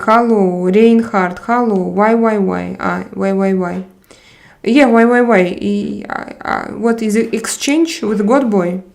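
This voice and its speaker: A woman hosts a casual livestream, reading viewer comments aloud in a medium-pitched, darkish voice. She speaks slowly and hesitantly, pausing often as she searches for words.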